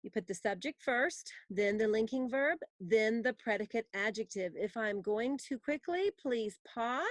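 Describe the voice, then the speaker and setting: A woman teaching a recorded grammar lesson, explaining patiently and reading example sentences slowly for students to write down. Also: a little high, animated, no room sound, clean studio sound.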